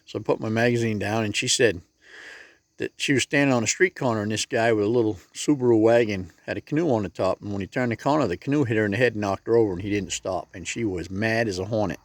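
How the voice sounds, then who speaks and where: A man's voice: fairly low pitch, fast, no room sound. A man talking straight to the camera in a casual motivational vlog, with plain-spoken, folksy advice. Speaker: motivational vlogger.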